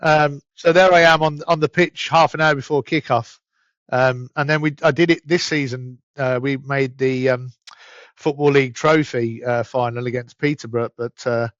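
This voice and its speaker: A man's voice: mid-range voice, steady tone, fairly bright tone, dry recording. Man, Birmingham accent, podcast guest, chatty, restarts often, dry, slightly muffled. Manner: chatty, stumbling restarts, rushed bursts. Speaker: podcast guest, events company director. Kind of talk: casual interview chat.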